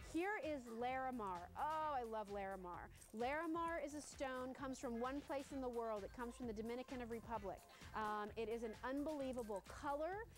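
Casting: excitable TV shopping host, woman, slightly high voice, gushing live sales pitch. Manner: gushing, excited selling with playful asides.

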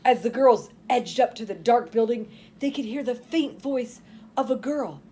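A woman's voice: fairly high pitch, moderate pace, warm tone, slight background noise. A woman in her fifties, a nurse and author, reading her novel aloud dramatically and chatting between chapters. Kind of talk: audiobook narration and podcast chat.

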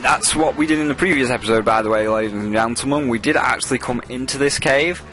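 A man's voice: medium pitch, fast, a bit bright, faint music behind. A man giving casual gameplay commentary as a let's play host, rambling and jokey with frequent swearing.

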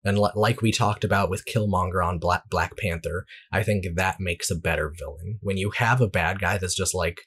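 A man with a low, husky voice co-hosts a casual movie podcast. He rambles through his points with plenty of restarts and fillers. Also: moderate pace, hardly any pauses, a bit bright. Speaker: podcast co-host. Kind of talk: casual movie review chat.

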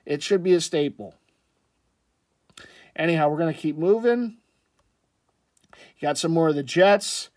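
A man's voice: on the high side, unhurried, long pauses, darkish tone. A man casually commenting on sports jerseys in a chatty, rambling way, with jokey asides. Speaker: sports jersey collector vlogger.

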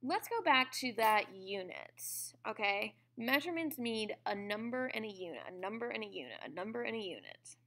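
A woman's voice: a little high, very animated, normal speed, few pauses, bright, forceful tone. A woman teaching a science lesson in a conversational way, often checking in with "okay?" and "all right?". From United States. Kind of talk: classroom lecture.

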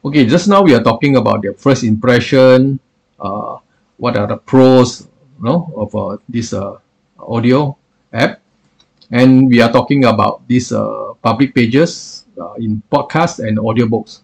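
Male software reviewer, gravelly and husky, stop-start delivery full of fillers. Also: medium pitch. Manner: halting, filler-heavy, repeats "what I call". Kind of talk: screen-recorded software demo.

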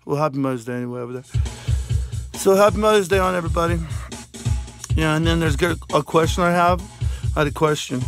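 A man rambling through goofy shout-outs in a comedic vlog, recorded on a phone. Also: on the high side, fast talker, pauses often, faint music behind. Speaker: vlogger.

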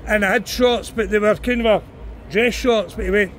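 A man's voice: sits high, fairly even intonation, moderate pace, a crowd in the background. An older man with a Glaswegian Scottish accent, vlogging on a phone outside a club at night, arguing and swearing in a rambling way. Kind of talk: confrontational street vlog. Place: outdoors on a city street at night.

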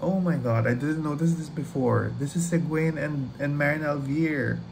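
A man hosting a trailer reaction video, gushing excitedly, rambling and swearing freely. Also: fairly high pitch, moderate pace, gravelly, background noise.

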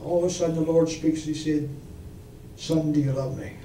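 Male preacher, high mellow voice, folksy testimony, recorded from a distance in an echoey church. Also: steady tone, moderate pace. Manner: folksy testimony with audience questions. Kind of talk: storytelling sermon. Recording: echoey room from far off, faint noise.

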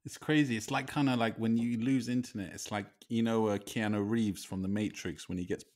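A man's voice: lowish voice, steady tone, fairly quick, darkish tone. A man, co-hosting a podcast, chatting casually with teasing asides. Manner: laughs along, teasing asides. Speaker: podcast co-host. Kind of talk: casual chat.

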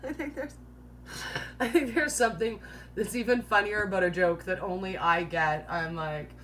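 A woman's voice: mid-range voice, moderate pace, fairly bright tone, slight background noise. A woman hosting a casual live-stream Q&A, chatty and joking, often laughing at her own jokes and using 'like' a lot. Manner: filler-heavy, says 'like' constantly. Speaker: host of a live keto Q&A.

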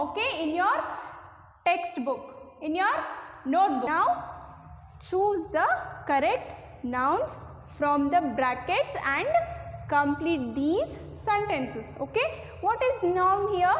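A woman teaching young children with an Indian English accent, slowly repeating questions and answering them herself. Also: extremely high pitch. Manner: slow, repetitive, asks and answers her own questions. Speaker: primary school teacher. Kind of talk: online class lesson for young children. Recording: tinny lo-fi audio in an echoey room.

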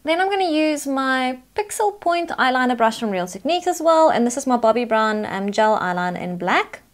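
A woman's voice: high-pitched, big pitch swings, normal speed. A woman, chattily talking through a makeup tutorial step by step as the host. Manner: chatty, instructive, talks through each step.

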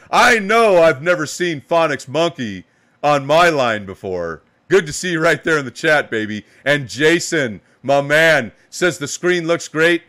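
A man's voice: on the high side, animated, unhurried. Upbeat middle-aged man hosting a live stream. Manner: upbeat, hyped shout-outs to chat viewers. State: a little tired. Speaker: live card-break host. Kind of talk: live-stream card break commentary.

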